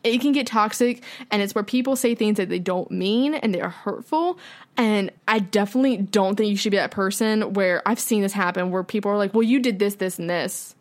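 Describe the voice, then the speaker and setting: Candid, animated woman co-hosting a podcast. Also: medium pitch, a little fast. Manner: candid and animated, swears freely. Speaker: podcast co-host. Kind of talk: casual chat.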